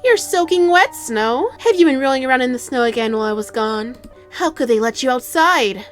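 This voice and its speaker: A woman's voice: high-pitched, expressive, a little fast, faint music behind. A woman voicing a terrified young noble lady in a game, crying and screaming for help. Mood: scolding.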